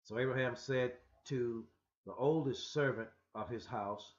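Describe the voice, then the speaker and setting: A man gives a rambling scripture lesson, stumbling and restarting often but pressing each point with emphasis. His voice sits at an ordinary male pitch and comes through a dull, muffled lo-fi recording. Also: measured pace. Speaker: religious teacher.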